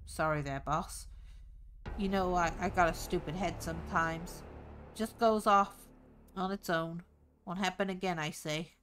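A woman's voice: on the low side, unhurried, fairly bright tone, faint music behind. A woman voicing a ragged, crude male henchman with a cheap mock London accent. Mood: sheepish. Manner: crude and grunting, then sheepish.

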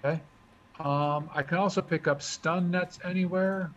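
Man, a bit high voice, casual game talk, thinking aloud, dull lo-fi sound, faint hiss. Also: steady tone, normal speed. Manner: chatty, thinks aloud while moving pieces. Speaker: player explaining a board game.

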